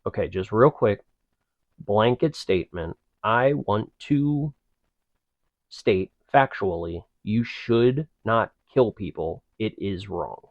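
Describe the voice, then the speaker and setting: A man with a fairly low voice jokes in slow, unhurried casual banter as a podcast co-host. His delivery is wry and dry, and the close recording sounds slightly dull. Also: animated, no room sound. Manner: wry, joking asides, slow drawl.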